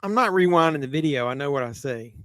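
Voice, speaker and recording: Chatty Southern man, smooth clear voice. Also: on the high side, expressive, fast talker, a bit bright, dry recording, studio quality. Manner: loose, joking, drinking while talking. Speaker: livestream host. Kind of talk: casual movie watch-along commentary.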